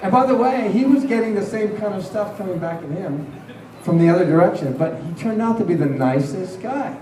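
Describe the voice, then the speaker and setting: A man with a slightly high, mellow voice tells chatty stories at a convention Q&A and laughs often as he talks. He is heard from some distance in a big, echoing room. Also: animated, fairly quick, slight background noise. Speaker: convention panel guest. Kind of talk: convention Q&A storytelling. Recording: roomy hall picked up from a distance.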